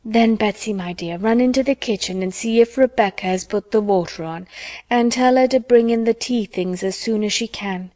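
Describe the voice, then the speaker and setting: A woman's voice: fairly high pitch, normal speed, dark tone, dry recording, natural voice. Woman doing a fussy, anxious mother from a storybook, fretful and talkative. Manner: fretful, chattering.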